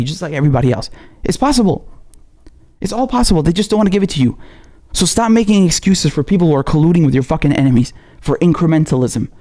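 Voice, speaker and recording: A man's voice: on the high side, mellow. A man not from America, a political commentator, delivering an angry, profane, scolding monologue. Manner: profane, scolding, repetitive and heated.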